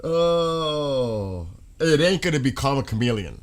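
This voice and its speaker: A man's voice: mid-range voice, expressive, takes it slowly. A man hosting a live stream, chatting casually with viewers, laughing often and breaking into bits of song. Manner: laughing, rambling, breaks into sung snippets. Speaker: livestream host.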